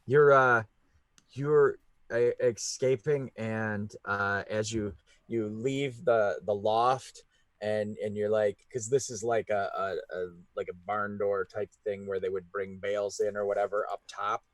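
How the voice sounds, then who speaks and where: A man narrating a tabletop game as game master, halting and full of restarts. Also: fairly low pitch, fairly even intonation, no room sound.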